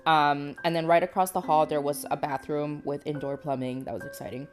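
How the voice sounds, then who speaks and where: A young woman from Panama telling a spooky story casually, cursing freely and swinging from hushed to shouting. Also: low voice, fairly quick, faint music behind. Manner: profane, animated, swinging between hushed and shouted.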